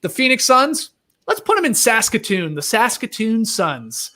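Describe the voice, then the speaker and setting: Man, podcast host, high voice, swoops up and down, jokey trivia delivery. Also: unhurried. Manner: animated, joking, reeling off trivia. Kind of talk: casual sports chat.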